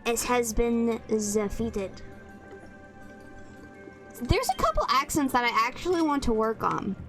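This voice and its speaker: A woman's voice: a little high, very animated, measured pace. A young woman streaming a game and chatting casually, rambling and playful with a sing-song lilt. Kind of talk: casual chat while gaming. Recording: loud game music behind.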